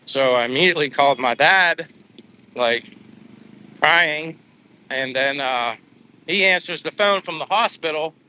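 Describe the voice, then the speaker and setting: Bright-toned middle-aged man, emotional rambling. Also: on the high side. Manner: emotional, rambling, with many restarts. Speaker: vlogger. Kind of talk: casual live-stream storytelling.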